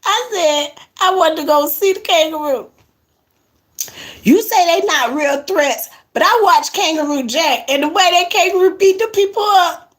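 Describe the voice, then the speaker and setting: High-voiced woman chatting on a live stream. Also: lively intonation, moderate pace. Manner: chatty, teasing, answers comments aloud. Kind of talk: casual live-stream chat with viewers. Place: her apartment, indoors.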